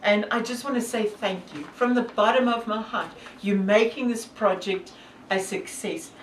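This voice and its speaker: A woman's voice: mid-range voice, moderate pace, reverberant, recorded from a distance, slight background noise, poor audio. A woman from South Africa with a South African accent, talking earnestly and devoutly to camera with many fillers. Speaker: hiker and vlogger. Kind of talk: casual talk to camera.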